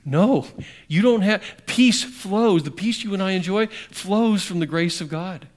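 A middle-aged man preaching a sermon conversationally, asking his congregation questions and swinging between emphatic bursts and quiet, slowed passages. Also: high-pitched. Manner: conversational, asks the audience questions. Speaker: pastor.

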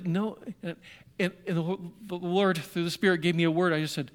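A man preaching a sermon, swinging from hushed tones to loud emphasis and repeating phrases to drive them home. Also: high voice, steady tone, normal speed.

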